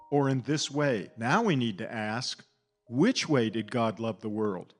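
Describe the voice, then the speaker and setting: Male Bible teacher, mid-pitched, deliberate scripted delivery, soft music underneath. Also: animated. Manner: measured, deliberate, stresses key words.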